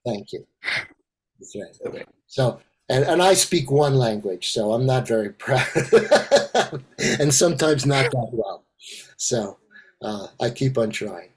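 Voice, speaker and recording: Older man facilitating with many pauses. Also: mid-range voice, expressive, husky. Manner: halting, many fillers and restarts. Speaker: circle facilitator. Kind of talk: casual online group discussion. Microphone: video call.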